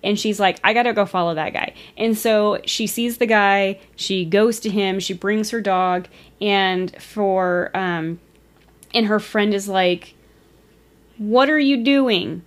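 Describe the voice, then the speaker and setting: A woman's voice: mid-range voice, fairly even intonation, unhurried. A woman retelling a story in a casual, chatty way, giggling and sometimes losing her place. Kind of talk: casual storytelling of a ghost encounter.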